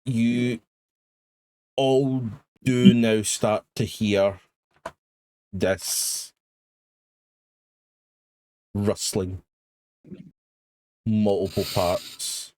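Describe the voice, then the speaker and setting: A man narrating as game master of a tabletop horror game, slow and halting with many pauses and ums. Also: fairly low pitch, little pitch movement, darkish tone, low-quality recording.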